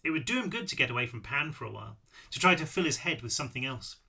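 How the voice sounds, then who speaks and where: A man reading his own novel aloud, with lively delivery and casual asides. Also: medium pitch, quick pace, vocal fry, breathy edge. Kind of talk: audiobook read-through with asides.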